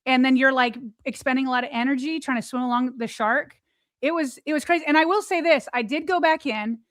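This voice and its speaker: A woman's voice: high voice, a little fast, no room sound. A woman co-hosting a podcast, retelling a personal story in a loose chat full of fillers and quoted thoughts. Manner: animated retelling, many "like" fillers.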